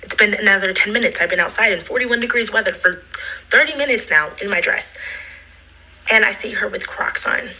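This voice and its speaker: In a low-quality recording, a young woman with a medium-pitched voice talks a little fast while recounting something that happened to her. She's animated, performs the quoted lines, and drops to a whisper for asides.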